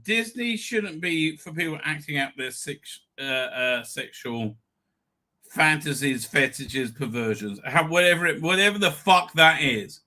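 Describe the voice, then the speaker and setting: A man's voice: on the high side, expressive, measured pace, bright, forceful tone, slight background noise. A man hosting a livestream, ranting in a heated, profane way. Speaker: host. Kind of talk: livestream commentary.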